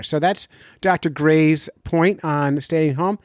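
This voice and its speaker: Clean, dry studio sound captures a fairly high-pitched male voice moving at an unhurried pace. He's a fishing guide with his own podcast, recorded in his basement at home, where he keeps the casual monologue light, jokey and self-deprecating.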